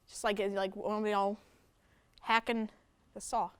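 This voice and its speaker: A young woman talks casually in a campus radio studio, circling her answers with constant fillers. Her voice is smooth and resonant, and the sound is close and dry with no room echo. She speaks at a mid pitch. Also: flat delivery, unhurried, fairly bright tone. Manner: rambling, full of "like" and "you know". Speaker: death metal guitarist and vocalist. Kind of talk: casual interview chat.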